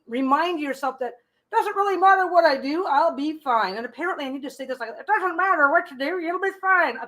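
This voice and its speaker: A woman's voice: sits high, fairly bright tone. A woman reading tarot cards on a casual live stream. She gives chatty, reassuring advice, often restarting and repeating her phrases.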